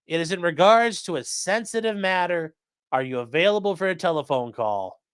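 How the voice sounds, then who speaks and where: A man's voice: high-pitched, animated, normal speed, fairly bright tone, clean tone, no echo, studio quality. A man hosting a casual commentary show who swears freely and acts out the quoted lines in changing voices. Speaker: host.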